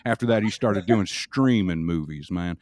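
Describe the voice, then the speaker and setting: A man doing a jealous, grumbling impression of a famous singer in a low drawl, tacking "man" onto his lines. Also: lively intonation, moderate pace, a little mellow, dry recording, clean studio sound.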